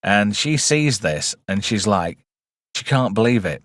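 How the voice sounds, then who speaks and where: A man's voice: lowish voice, big pitch swings, a little slow, fairly bright tone, dry recording. A man hosting a casual live film review stream, chatty and wry with rambling asides.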